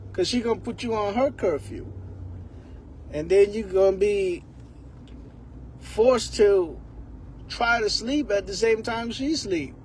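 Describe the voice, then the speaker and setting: A man's voice: sits high, slight background noise. A man giving a rambling comedic monologue, laughing often.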